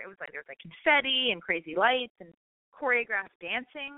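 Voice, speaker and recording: A woman's voice: mid-range voice, big pitch swings, a little fast, no room sound. An American woman in her thirties with a slight lisp, hosting a casual monologue, rambling, swearing and poking fun at herself. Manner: rambling, self-deprecating, swears freely. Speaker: podcast host. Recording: tinny phone-like sound.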